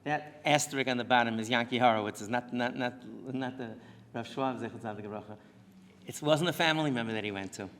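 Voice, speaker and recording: A rabbi giving an earnest lecture to parents in a synagogue, often restarting and correcting himself mid-sentence. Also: male voice, medium pitch, fast talker, fairly bright tone. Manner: earnest, talks in restarts and asides. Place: synagogue hall. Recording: long hall reverb.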